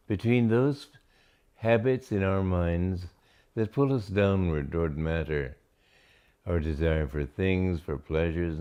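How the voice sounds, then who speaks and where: With a low-pitched, dark-toned voice, an elderly spiritual teacher reflects on scripture. His delivery is slow and deliberate, broken by many pauses between phrases.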